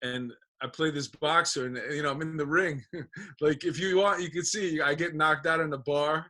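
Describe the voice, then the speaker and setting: Speaking at a normal speed in a slightly high voice, this comedian podcast guest acts out the dialogue of his stories with lots of profanity, all in an animated, casual chat.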